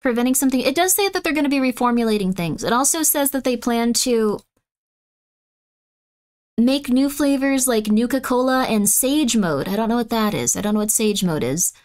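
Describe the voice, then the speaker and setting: A woman with a high, light voice chats casually on a live stream at a moderate pace. She reacts to her chat excitably and with playful mock outrage, swinging from loud exclamations to mumbled asides.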